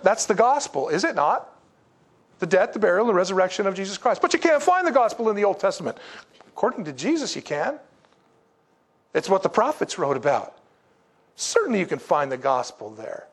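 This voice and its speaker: High-voiced, joking male preacher. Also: slightly rough. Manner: lively and joking, with sudden drops to low, quiet emphasis. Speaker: pastor. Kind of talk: sermon.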